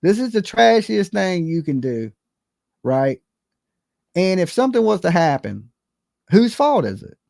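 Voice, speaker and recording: A man hosting a casual call-in stream, talking bluntly in slang and cursing, jumping from high exclaims to low mutters. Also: very animated, unhurried, gravelly, pauses often, a little mellow, no room sound. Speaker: livestream host. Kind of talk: casual call-in chat and commentary.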